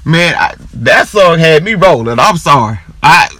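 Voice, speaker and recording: A man with a slightly high voice hosts his own podcast against a noisy background. The casual chat is animated, and he breaks into hard laughter.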